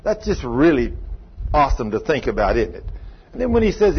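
A man's voice: on the high side, sing-song, brisk, husky, lo-fi sound. A man preaching a sermon in a folksy, emphatic way, asking his congregation questions. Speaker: pastor.

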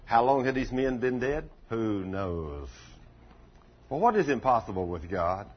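A male preacher with a husky voice gives a folksy, storytelling sermon. He uses lively swings of pitch and throws rhetorical questions to his listeners. The sound is muffled and lo-fi. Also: measured pace. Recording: lo-fi dull recording.

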